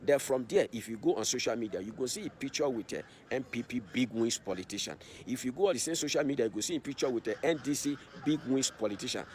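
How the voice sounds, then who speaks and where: A man tells a casual, chatty story at a quick clip. Faint town noise sits behind him outdoors. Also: mid-range voice, lively intonation, a little mellow.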